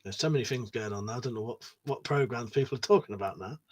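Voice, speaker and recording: A man's voice: mid-range voice, a bit bright, slightly rough. A man hosting a casual livestream, reading viewer messages aloud and chatting back in a matey way, swearing freely. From United Kingdom. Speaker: livestream host.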